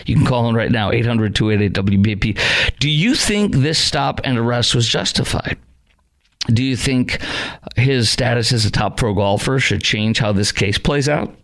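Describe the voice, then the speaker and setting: A man's voice: medium pitch, moderate pace, fairly bright tone. Emphatic male talk radio host. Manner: emphatic, rhetorical questions. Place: radio studio. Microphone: studio microphone.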